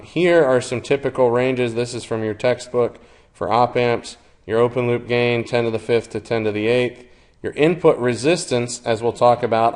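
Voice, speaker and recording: A man's voice: medium pitch, darkish tone. A man lecturing on electronics, explaining steadily with occasional fillers. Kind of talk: recorded engineering lecture.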